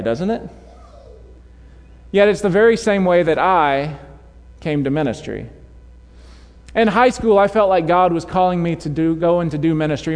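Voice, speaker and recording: A young man preaching a sermon, animated and storytelling, acting out voices in the quotes he tells. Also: fairly high pitch. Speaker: pastor. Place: church sanctuary. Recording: long reverb of a church hall.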